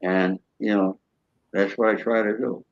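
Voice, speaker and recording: A man's voice: lowish voice, little pitch movement, measured pace, gravelly, lo-fi sound. Chatty older man telling stories. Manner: chatty, folksy, acts out greetings in a raised voice. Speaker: guest. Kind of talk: storytelling.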